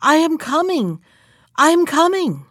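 A woman's voice: high-pitched, sing-song, unhurried, a bit bright, dry recording, clean studio sound, voice pushed up, heavily acted. A woman voicing a young wife in a fairy tale, calling out urgently in a raised voice. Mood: frantic. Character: frantic young wife answering a deadly call.

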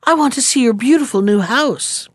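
A woman puts on a sly male fox from a storybook, hiding his cunning behind a soft, gentle voice. He coaxes quietly and sweetly, in a dry, close sound. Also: fairly high pitch, moderate pace, breathy edge, no echo. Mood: coaxing. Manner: soft, coaxing.

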